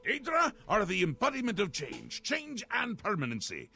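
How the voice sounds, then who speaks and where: An actor playing a manic, capricious male prince of madness from a video game, with a Scottish accent and a gravelly voice that swings from low mutters to sudden shouts. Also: huge pitch swings, normal speed, faint music behind, exaggerated voice.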